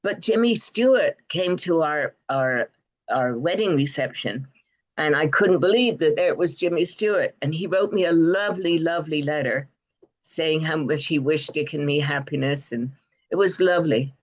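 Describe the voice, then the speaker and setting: An older woman from Bristol with an English accent, telling rambling anecdotes in an interview, with frequent fillers and pauses. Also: low-pitched, muffled recording. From Bristol, England. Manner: rambling, hesitant, warm anecdotes with many fillers. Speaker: guest. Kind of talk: interview storytelling.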